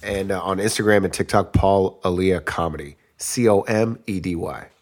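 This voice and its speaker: A man from Michigan appearing as a comedian guest on a casual podcast, talking in an energetic, slangy way and reacting emphatically. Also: low-pitched, moderate pace.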